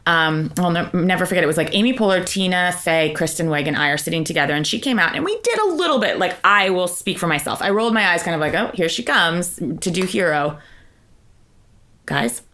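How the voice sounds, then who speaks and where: A woman with a fairly low voice talks through gossipy stories as a podcast co-host. Her chat is loose and casual, full of "like" and asides. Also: very animated, fast talker, few pauses, a bit bright.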